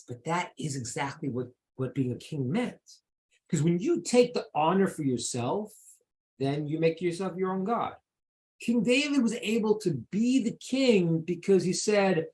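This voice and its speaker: A middle-aged man, a rabbi, teaching over a video call in a lively, emphatic way, often repeating words as he goes. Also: sits high, normal speed.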